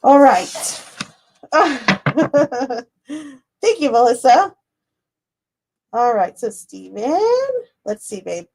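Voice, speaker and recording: A high-voiced woman reading tarot cards live for her viewers. She rambles in a loose, chatty way, laughing often and letting the odd swear slip. The tone stays casual and personal throughout. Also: lively intonation, very slow, long pauses, breathy edge. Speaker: tarot reader. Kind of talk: casual livestream chat.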